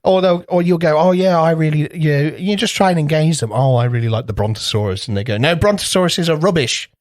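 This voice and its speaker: A man's voice: on the high side, quick pace, darkish tone, no echo, clean studio sound. A man co-hosting a podcast in casual chat, rambling through anecdotes, swearing freely and acting out little voices. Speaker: podcast co-host.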